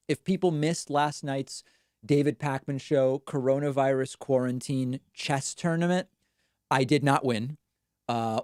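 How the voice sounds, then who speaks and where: A man's voice: medium pitch, darkish tone, dry recording, studio quality. A man hosting a live political commentary stream, talking back at clips with sarcasm. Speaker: show host.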